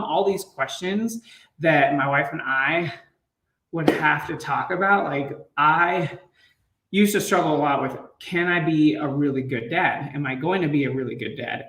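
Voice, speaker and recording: A man's voice: fairly high pitch, a bit bright, recorded from a distance. A man in his thirties, a fitness coach and father, chatting casually to viewers and laughing often. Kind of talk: casual live chat to viewers. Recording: roomy, off-mic.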